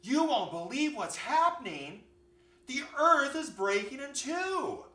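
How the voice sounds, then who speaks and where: A man voicing a small, frightened male bunny who speaks in high, slow, alarmed exclamations. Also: wildly swooping pitch, pushed and bright, exaggerated voice. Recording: echoey room, far from mic.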